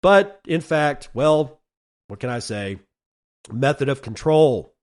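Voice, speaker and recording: A man's voice: medium pitch, expressive, slow pace, a little mellow. A man hosting a solo podcast, reading out numbers and listener messages and ranting casually and bluntly, with some swearing. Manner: reads listener messages and figures aloud. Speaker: podcast host.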